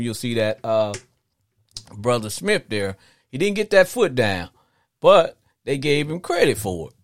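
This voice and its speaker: Animated middle-aged man talking sports. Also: mid-range voice, no room sound, studio quality. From Arkansas. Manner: animated, rambling with frequent restarts. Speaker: sports podcast host. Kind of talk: call-in sports talk.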